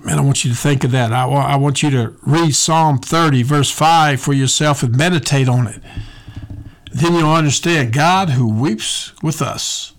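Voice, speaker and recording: A male pastor preaching a sermon in a fervent, conversational way, talking straight to his listeners and swinging between quiet reflection and loud praise. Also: mid-range voice, normal speed.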